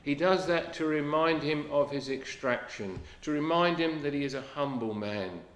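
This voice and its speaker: A man preaching a sermon in an earnest, unhurried way, often dropping to a soft hush. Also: fairly high pitch. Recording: echoey room.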